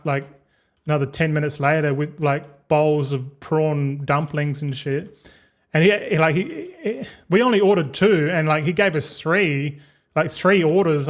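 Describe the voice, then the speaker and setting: A young man telling a long, rambling story as a streamer, repeating words and swearing casually. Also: a little high.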